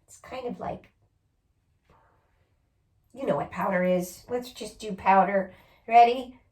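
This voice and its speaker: A woman's voice: medium pitch, takes it slowly, pauses often, darkish tone, reverberant. A woman teacher giving a spelling lesson to children, patiently sounding out each word letter by letter.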